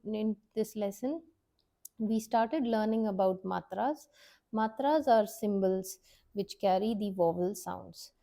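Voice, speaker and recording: A woman teacher leads a slow, careful language lesson. Her voice is mellow and dark-toned, her delivery unhurried, and she repeats each sound so it sinks in. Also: medium pitch. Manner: patient, repeats sounds to model pronunciation. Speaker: Hindi teacher.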